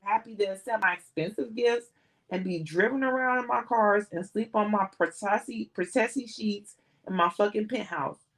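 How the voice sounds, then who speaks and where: A woman's voice: medium pitch, moderate pace, lightly acted. A woman reading the lines of a self-pitying, defensive music mogul who moans and snaps back when challenged. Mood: indignant. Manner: moaning and snapping.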